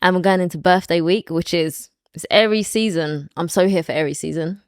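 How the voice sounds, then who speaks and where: A woman's voice: lowish voice, a little fast, smooth, no room sound, studio quality. A woman from England hosting a podcast, bubbly and chatty, laughing easily with her guest. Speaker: podcast host. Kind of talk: casual podcast interview.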